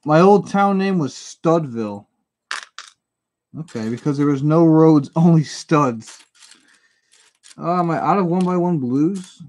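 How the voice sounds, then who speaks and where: A man's voice: on the high side, animated, a little slow, long pauses, darkish tone. A man hosting a live stream, chatting casually and rambling through answers to chat messages while he builds at home. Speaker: livestream host. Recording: noisy home stream audio.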